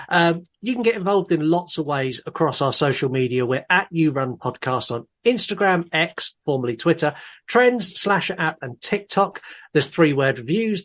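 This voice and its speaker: A man co-hosting a casual movie podcast, joking and rambling a bit. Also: fairly high pitch. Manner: jokey, rambling, self-deprecating. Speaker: podcast co-host.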